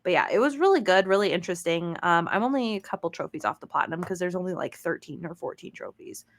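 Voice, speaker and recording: A woman's voice: lowish voice, lively intonation, fast talker. A woman co-hosting a gaming podcast, chatting casually with lots of fillers and laughter. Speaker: podcast co-host. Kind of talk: casual chat.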